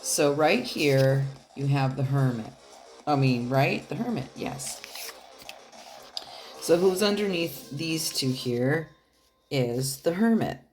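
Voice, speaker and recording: A woman reads tarot for her viewers in a loose, talkative way, with frequent laughter and the odd swear word. Her very deep, darkish voice moves slowly over soft background music.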